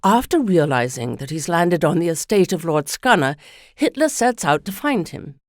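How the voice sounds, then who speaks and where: A woman narrating a podcast from a script in a measured, storytelling manner. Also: lowish voice, sing-song, no room sound, studio quality.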